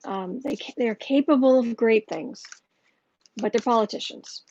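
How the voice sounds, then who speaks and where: A woman hosting a tarot livestream in casual chat, thinking aloud slowly with many fillers and restarts. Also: fairly high pitch, a little mellow, muffled recording.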